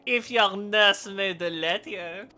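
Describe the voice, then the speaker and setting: A streamer voicing a drunken, mocking man with a put-on French accent, reading game dialogue with a slow, jeering drawl. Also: medium pitch, bright, forceful tone, a little hiss or hum.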